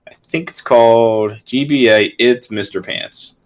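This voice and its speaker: A man's voice: medium pitch, unhurried. A young man co-hosting a podcast, talking in a laid-back, rambling way full of fillers and giggles. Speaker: podcast co-host. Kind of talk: casual chat.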